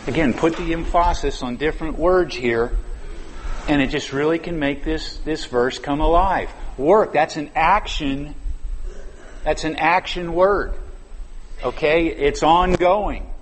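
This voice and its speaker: A man's voice: fairly high pitch, unhurried, a little hiss or hum. Man preaching in a reverberant hall. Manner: conversational preaching with sudden emphatic stresses. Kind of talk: sermon. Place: large church conference hall. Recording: reverberant hall with faint ambience.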